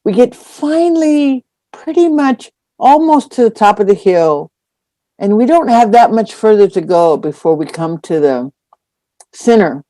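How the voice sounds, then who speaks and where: Slow-spoken woman telling a dharma story. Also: medium pitch, dry recording. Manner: lively anecdotal storytelling with acted-out quotes. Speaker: dharma teacher. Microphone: online call.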